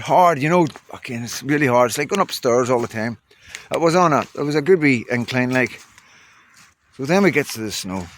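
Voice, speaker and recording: A man's voice: fairly high pitch, a bit bright, a little hiss or hum. A man telling a rambling, swearing story to his viewers and laughing along as he goes. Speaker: vlogger. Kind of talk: casual storytelling to camera.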